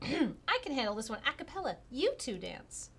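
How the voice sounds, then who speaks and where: A woman voicing a lively young female lounge singer in a tabletop role-play, bright and theatrical. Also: on the high side, moderate pace, slight background noise. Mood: playful.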